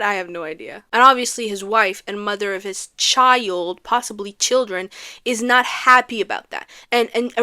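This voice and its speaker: Young woman content creator, bright punchy voice, ranting dramatic with whispery asides. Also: fairly high pitch, no room sound, studio quality. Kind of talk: casual musical recap.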